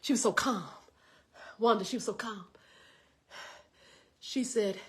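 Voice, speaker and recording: A woman pastor preaching fervently to a live-stream audience, greeting viewers by name and stumbling into quick repeated restarts. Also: fairly high pitch. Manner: fervent, direct address to viewers, stammered restarts. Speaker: pastor and online show host.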